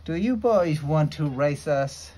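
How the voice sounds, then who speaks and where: A man's voice: a little high, animated, takes it slowly, darkish tone, a little hiss or hum, pitched above the performer's own voice. A man voicing two confident young girls in a storybook read-aloud, in a perky way. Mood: challenging.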